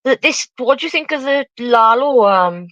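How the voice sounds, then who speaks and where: A woman's voice: sits high, expressive, normal speed, a bit bright, no room sound. Blunt, swearing woman host, slightly muffled. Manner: blunt, swears freely, lots of restarts and fillers. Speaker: host of a live chat panel. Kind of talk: casual gossip chat.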